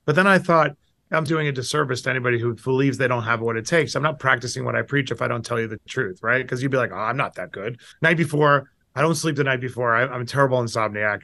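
A man's voice: fast, no echo. A middle-aged man as an interview guest, telling candid, self-deprecating stories and acting out the things people said. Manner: animated, acts out quotes with big pitch jumps. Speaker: guest investor. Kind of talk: storytelling interview answers.

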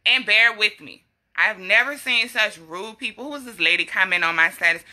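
A young woman, talking bluntly and casually to her followers, animated and quick to laugh. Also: medium pitch. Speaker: herbal health vlogger. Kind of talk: casual straight-talking live chat.

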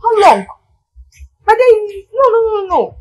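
Excitable friend, Nigerian accent, high voice, very lively swings. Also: female voice, measured pace, heavily acted. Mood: urgent. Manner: loud, excitable, pushy. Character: excitable outspoken young woman friend. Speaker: friend and flatmate.

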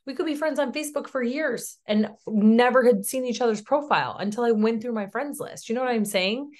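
Speaking a little fast in a slightly high voice, a woman in her thirties from Tennessee, USA, runs a chatty, encouraging sales training session as a network marketing team leader. She keeps checking in with "okay?"

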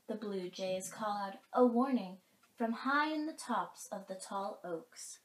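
A woman reading a children's picture book aloud in a gentle, expressive storytelling voice. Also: medium pitch, a little slow, reverberant, low-quality recording. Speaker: storybook reader.

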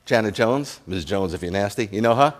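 Brief: New rabbi, lively and jokey sermon delivery, talks right at the congregation. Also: male voice, fairly low pitch, fairly quick. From New York. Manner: animated, joking, addresses the congregation directly.

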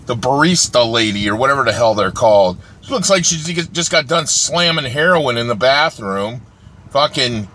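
A man's voice: medium pitch, expressive, moderate pace, sharp tone, slight background noise. A man delivering an angry, profane comedic rant as a vlogger, exasperated and swearing.

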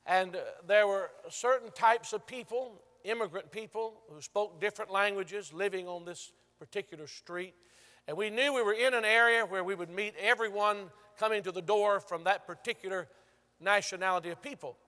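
A male pastor preaching a sermon, telling stories and moving from loud to hushed. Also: high voice, moderate pace. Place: large church sanctuary. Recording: long church reverb.

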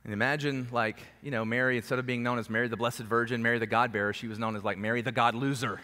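A man preaching a sermon in a conversational, animated storytelling way, with sudden drops to a hushed voice. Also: mid-range voice, fast talker. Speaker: pastor. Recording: echoey hall reverb.

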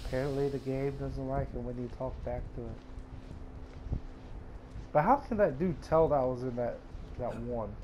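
A young man playing a horror game and talking through it, jumpy and excitable, with frequent swearing. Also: medium pitch, moderate pace, pauses often, noisy background. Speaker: gaming YouTuber.

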